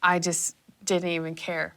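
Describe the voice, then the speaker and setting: Bright, animated young woman with vocal fry. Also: on the low side, measured pace. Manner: animated, acts out her own past reactions. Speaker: guest telling her story. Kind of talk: casual storytelling.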